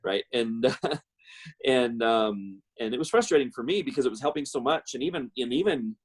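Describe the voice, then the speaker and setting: A man's voice: mid-range voice, lively intonation, moderate pace, husky. A middle-aged man telling a personal story in a rambling way, with many fillers and restarts. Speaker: guest speaker.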